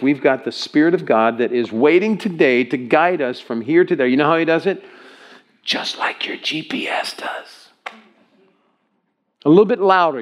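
Man, middle-aged pastor, sermon, animated delivery, soft prayerful stretches. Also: medium pitch.

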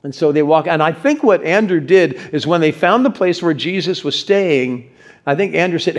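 A male pastor giving a sermon, telling stories in an animated way and putting questions to his congregation. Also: a little high, moderate pace. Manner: animated storyteller, acts out quotes, asks the audience questions. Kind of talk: sermon with personal storytelling.

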